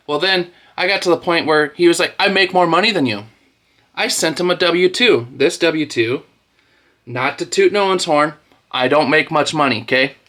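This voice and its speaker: A man's voice: mid-range voice, sharp tone. A man in his thirties ranting to camera as a street racing vlogger, mocking and trash-talking with lots of swearing.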